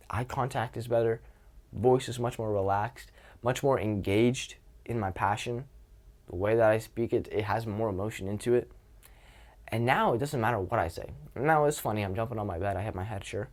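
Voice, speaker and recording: A young man coaching social skills in a casual, expressive way, swearing freely. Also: on the low side, brisk.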